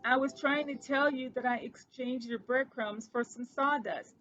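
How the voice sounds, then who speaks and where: A woman voicing a timid, guilty little boy mouse who squeaks tearfully and apologizes. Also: moderate pace, fairly bright tone, lo-fi sound, faint music behind. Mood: remorseful.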